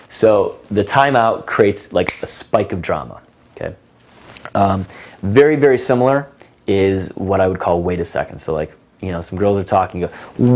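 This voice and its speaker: A man with a low voice explains dating tips in a loose, casual coaching talk. He fills his sentences with um and you know. When he acts out example lines, his voice leaps up with sudden energy. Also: normal speed. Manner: animated, acts out example lines with big pitch jumps; many fillers like um and you know.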